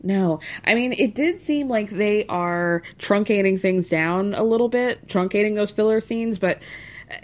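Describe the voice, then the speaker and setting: A woman's voice: medium pitch, measured pace, a little mellow. Snarky chatty woman recapping TV. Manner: chatty and snarky, with many fillers and asides. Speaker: podcast host recapping a reality show. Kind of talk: casual chat.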